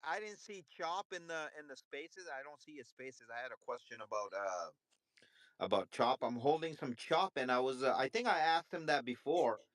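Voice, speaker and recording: A man in a live online audio chat asking a question, halting and repeating himself. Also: medium pitch, animated, fairly bright tone.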